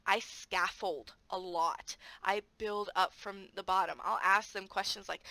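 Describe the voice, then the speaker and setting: A woman's voice: medium pitch, normal speed, few pauses, no echo, poor audio. A woman who teaches English online, chatting casually about her classes with lots of fillers and playful sound effects. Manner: animated, acts out classroom moments with sound effects; frequent fillers, friendly and chatty. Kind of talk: casual advice vlog.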